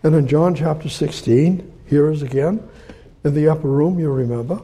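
An older man preaching a rambling sermon and reading Bible verses, with much repetition and swings between loud emphasis and quiet asides. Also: a little high, husky. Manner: conversational, halting with many fillers.

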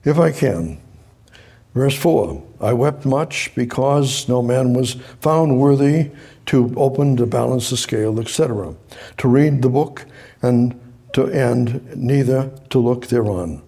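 A man's voice: mid-range voice, unhurried, creaky, warm tone, husky. A man preaching a sermon, reading scripture aloud and breaking off to explain it, repeating phrases and rising to emphatic exhortation.

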